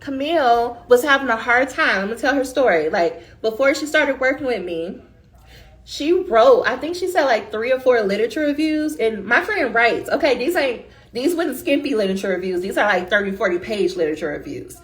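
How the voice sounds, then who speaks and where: A woman who coaches dissertation writers speaks straight to her listeners in a casual motivational pitch. She's colloquial, emphatic, animated, and fairly quick.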